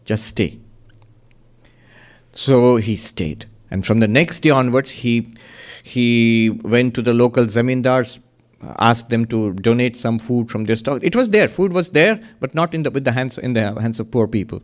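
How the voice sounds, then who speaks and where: A man tells a story in a lecture, sincere and unhurried. He pauses often and restarts phrases as he goes. His voice sits at an ordinary middle pitch. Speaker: monk lecturer.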